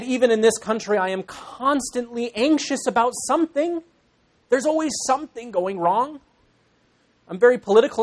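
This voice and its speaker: A young Irish man in his twenties, a pastor in training, preaching a sermon to a congregation in an earnest, emphatic way with self-deprecating asides. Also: very high voice.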